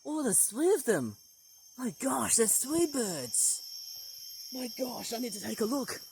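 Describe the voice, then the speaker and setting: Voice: mid-range voice, measured pace, creaky, noisy background. A vlogger exclaiming with wonder while walking a jungle trail near a waterfall, filming wildlife. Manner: excitable, marvelling, exclaims often. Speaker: nature vlogger. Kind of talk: walking nature vlog commentary.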